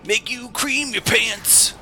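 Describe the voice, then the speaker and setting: A man putting on a crude, hyped male infomercial announcer with a drawn-out hard-sell pitch. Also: pushed and bright, a little hiss or hum, exaggerated voice.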